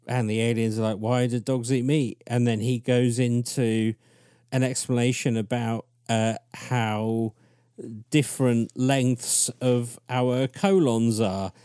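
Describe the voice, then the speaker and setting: A man's voice: medium pitch, slow, smooth, no echo, clean studio sound. A man in casual podcast chat, telling a story with lots of laughs and acted-out quoted voices. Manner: animated storyteller, laughs often, acts out quoted dialogue. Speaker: podcast guest discussing alien abductions.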